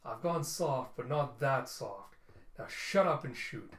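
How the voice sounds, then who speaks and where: A man doing a gruff tough female captain. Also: mid-range voice, expressive, unhurried, fairly bright tone. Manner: terse, clipped orders. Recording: echoey room.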